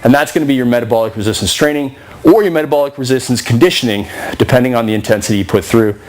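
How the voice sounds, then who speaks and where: A man's voice: medium pitch, racing, poor audio. Winded man explaining workouts. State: out of breath. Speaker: fitness trainer.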